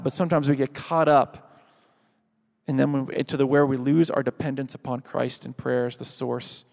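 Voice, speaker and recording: A man preaching a sermon, earnest and building to loud calls, then leading a prayer. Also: mid-range voice, vocal fry. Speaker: pastor. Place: church sanctuary. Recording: reverberant hall.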